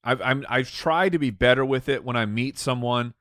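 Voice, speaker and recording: A man in casual podcast chat, speaking haltingly and thinking aloud with restarts. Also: medium pitch, a bit bright, dry recording, studio quality.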